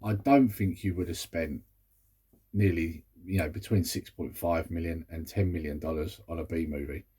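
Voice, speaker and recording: A man's voice: deep voice, fairly even intonation, normal speed, mellow, slightly rough. A British man talking casually about a film he reviews, rambling with exasperated asides. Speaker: movie review vlogger. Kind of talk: casual chat.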